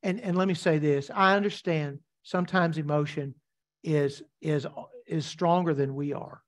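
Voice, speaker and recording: A man's voice: fairly high pitch, fairly even intonation, normal speed. A man preaching a sermon as pastor, emphatic and repetitive, asking the congregation rhetorical questions.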